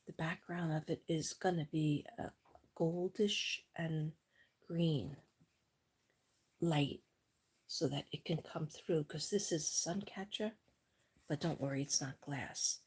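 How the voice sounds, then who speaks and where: A breathy, husky woman talking slowly on a casual home live stream. Her voice sits a little low and she rambles, often sinking into a near whisper. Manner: rambling, soft-spoken, often drops to a whisper.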